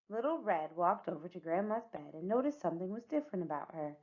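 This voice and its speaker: A woman reading a children's picture book aloud as the narrator, with expressive storytelling. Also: on the low side, normal speed, hardly any pauses, lo-fi sound.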